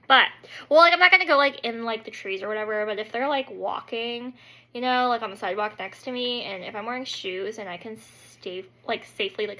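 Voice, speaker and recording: Chatty woman with a bright voice. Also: fairly high pitch. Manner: chatty, full of "like" fillers; animated, acts out her own reactions. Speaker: beauty vlogger. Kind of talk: casual storytelling.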